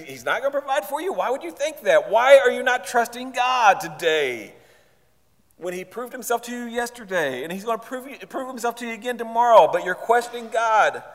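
A man's voice: sits high, fairly bright tone. Man preaching in a reverberant church. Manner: conversational, emphatic preaching that asks the congregation questions. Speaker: pastor. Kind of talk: sermon.

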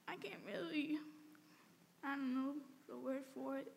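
A teenage girl giving an emotional personal testimony, halting and tearful, with many "like"s and "um"s. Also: sits high, steady tone, gravelly. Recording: long reverb, faint background noise.

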